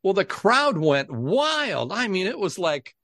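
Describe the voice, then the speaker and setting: A middle-aged man, a podcast guest, telling a story in a lively way and acting out the people in it. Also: high-pitched, slow pace, dry recording, studio quality. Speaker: podcast guest, game show announcer. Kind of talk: animated storytelling.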